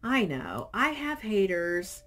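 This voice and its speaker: Animated, slightly husky woman vlogger. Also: medium pitch, slow pace. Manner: chatty, animated storytelling. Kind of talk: casual chat, reading viewer comments.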